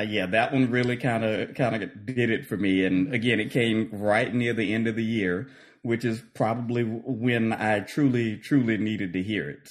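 Man, fairly low voice, hesitant, repeats words, podcast co-host. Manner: hesitant, stammering. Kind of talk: casual chat.

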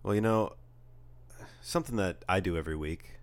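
A man co-hosting a podcast from his beachside apartment, chatting casually in a rambling, deadpan way. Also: sits low, normal speed, clean tone. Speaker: podcast co-host. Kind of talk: casual chat.

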